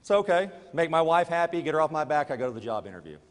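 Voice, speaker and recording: Middle-aged man, motivational speaker, storytelling, raised pitch, long hall reverb. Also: big pitch swings, very fast. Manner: storytelling, shifts between quiet confession and loud urging. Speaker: network marketing speaker. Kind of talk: motivational talk to a live audience.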